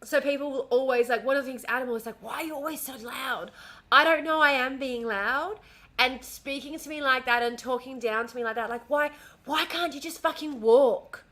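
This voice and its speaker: This Australian woman's voice is high and fairly bright, at a moderate pace. She's chatting casually on a livestream from a home room through a desk mic, smiling and swearing freely.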